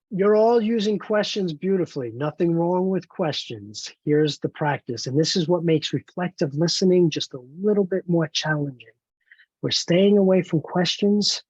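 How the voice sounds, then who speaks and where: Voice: mid-range voice, breathy edge, no room sound, lo-fi sound. A trainer leading an online training webinar, encouraging and explaining step by step over a video call.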